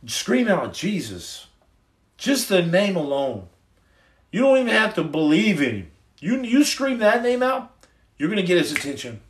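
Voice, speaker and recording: Earnest preachy man, fairly high voice. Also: sing-song, unhurried. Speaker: livestream host. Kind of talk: casual livestream testimony.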